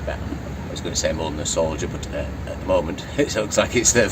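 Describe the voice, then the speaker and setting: A man's voice: sits low, lively intonation, quick pace. A man from Blackpool with a Lancashire accent, chatting as an interview guest, rambling and swearing freely. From Blackpool, England. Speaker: interview guest, yacht crew. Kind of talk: casual chat. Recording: distant mic with urban background noise.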